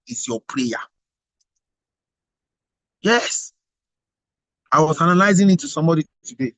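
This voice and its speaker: A man's voice: a little high, animated, measured pace, long pauses, a bit bright, dry recording, low-quality recording. A man giving an emphatic motivational address, full of repetition and rhetorical questions. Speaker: global president of organization.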